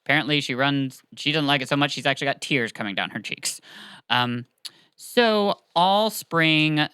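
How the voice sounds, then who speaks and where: A podcast host casually retelling a story in a chatty, animated way, with filler words. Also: medium pitch, smooth, no echo.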